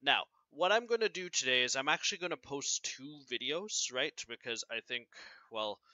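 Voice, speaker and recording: A male teacher giving a recorded class lecture, explaining slowly and ending nearly every point with "right?". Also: medium pitch, expressive, sharp tone, no room sound. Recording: dull lo-fi sound.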